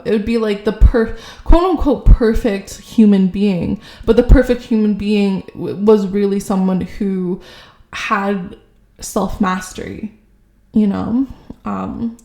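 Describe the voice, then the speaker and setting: A woman giving a casual intuitive tarot reading to camera, musing slowly with many fillers and hesitations. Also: medium pitch, darkish tone. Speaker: tarot reader. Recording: echoey room.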